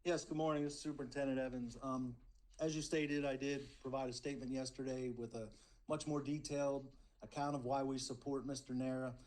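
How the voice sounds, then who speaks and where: Flat-toned official man, formal statement. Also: medium pitch, fairly quick, rough recording. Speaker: prison superintendent.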